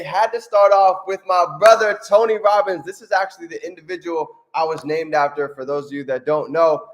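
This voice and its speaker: High-voiced, upbeat motivational man. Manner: energetic, upbeat, repeats "right?". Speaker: motivational vlogger. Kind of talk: motivational talk and storytelling.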